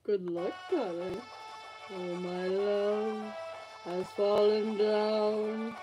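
A woman voicing a flamboyant robot TV star in a lowered voice, with drawn-out melodramatic delivery. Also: music in the background, rough recording.

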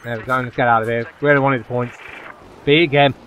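A man giving live commentary over his own online shooter match, dropping to low muttering and then yelping loudly when the action heats up. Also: very fast, slight background noise. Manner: excitable, swings from low muttering to loud yelps. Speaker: gaming YouTuber.

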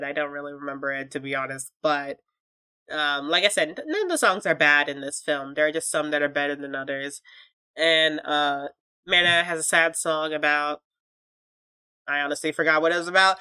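A woman's voice: low-pitched, bright, forceful tone, clear, resonant tone, no echo. Candid woman rambling through a film review. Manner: rambling, many fillers and restarts; candid, occasionally swears. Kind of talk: casual spoken film review.

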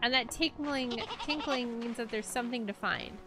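A woman's voice: a little high, moderate pace, over music. A woman streaming a video game, chatty and giggly, talking to her viewers. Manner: chatty, giggly, talks to chat. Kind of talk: casual game livestream commentary.

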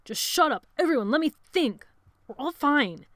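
A woman's voice: high voice, big pitch swings, normal speed, no room sound, clean studio sound, voice pushed up. Woman voicing a harsh bossy teen boy leader. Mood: commanding. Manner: loud commanding shouts.

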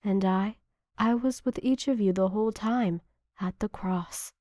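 A woman voicing a tender, grieving holy mother who comforts a weeping child, speaking softly and slowly. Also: medium pitch, no echo, studio quality, close to an everyday voice. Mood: comforting.

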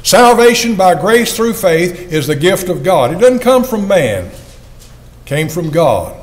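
A man's voice: high voice, big pitch swings, measured pace, poor audio. An older man, an evangelist, preaching a sermon in an earnest, folksy way and asking his listeners questions.

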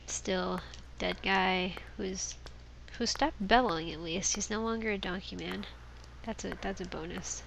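A woman's voice: mid-range voice, brisk, creaky, a bit bright, slight background noise, low-quality recording. A sniffly woman giving casual, sarcastic commentary while she plays a game, swearing freely and reading its dialogue aloud. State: sniffly from allergies. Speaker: let's play gamer. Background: game music.

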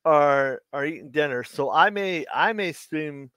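Middle-aged guy doing dad jokes on a stream, slow and halting, pitch jumps around a lot, dry close sound. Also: animated, bright, forceful tone, no room sound. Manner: slow, halting, with frequent restarts and chuckles at his own jokes. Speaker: live-stream host telling dad jokes. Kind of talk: casual live-stream chat.

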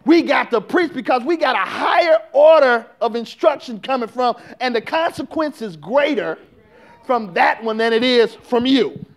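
Male pastor, very high-pitched, shouting sermon with call-and-response. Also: lively intonation, normal speed.

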